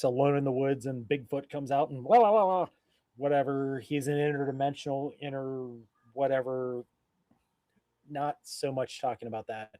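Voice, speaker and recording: A man's voice: medium pitch, dark tone, no echo. Rambling, profane man, slightly drunk. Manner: rambling, profane, loose and tipsy. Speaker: co-host of a live beer-tasting stream. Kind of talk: casual drinking-stream chat.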